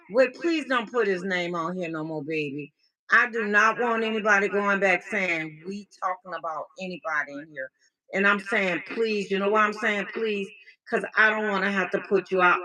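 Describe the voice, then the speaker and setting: A woman's voice: medium pitch, bright, forceful tone, poor audio. A woman life coach hosting a casual livestream check-in. She is playful and chatty, answers viewers by name, calls them baby and mixes in encouragement and faith talk.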